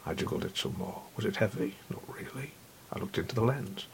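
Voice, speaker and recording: A man's voice: fairly low pitch, fairly quick, creaky, a bit bright, a little hiss or hum. A man reading a first-person literary story in a wry, intimate way, often dropping to a whisper.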